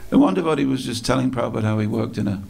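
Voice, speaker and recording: A man giving a storytelling sermon at a temple, slow and dramatic, repeating phrases for effect. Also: medium pitch, lively intonation, vocal fry, a little mellow, husky. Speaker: speaker at a temple festival. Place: temple hall.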